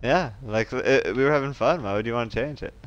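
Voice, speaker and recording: A man giving excited, laughing commentary as he plays an online shooter. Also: mid-range voice, moderate pace, muffled recording. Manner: excitable, laughing, reacting loudly. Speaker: gaming streamer. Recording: gameplay audio with music and gunfire.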